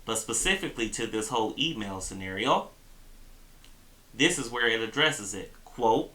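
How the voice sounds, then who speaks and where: A man's voice: medium pitch, expressive, moderate pace, bright, forceful tone, reverberant. A man hosting a political commentary show, talking emphatically and landing on sarcastic punch lines. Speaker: host.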